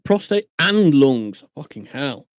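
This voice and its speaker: A man's voice: on the high side, slow, dry recording, clean studio sound. Chatty man live-streaming. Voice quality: chatty, animated storytelling with acted-out quotes. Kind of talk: casual live-stream chat. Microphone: desk mic at a computer monitor.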